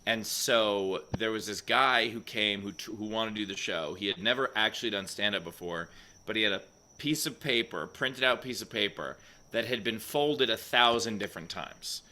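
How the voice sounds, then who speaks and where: Bright-voiced comedian telling a story. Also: male voice, on the low side, moderate pace, slight background noise. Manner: animated storyteller, laughs often. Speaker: podcast co-host and comedian. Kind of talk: casual anecdote telling.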